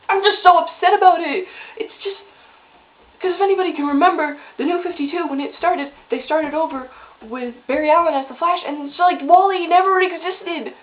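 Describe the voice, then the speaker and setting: High-pitched woman venting about a show ending, all worked up, dull lo-fi webcam sound. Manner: impassioned, exclamatory, voice breaking when upset. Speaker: vlogger reviewing a cartoon finale. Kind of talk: emotional ranting review.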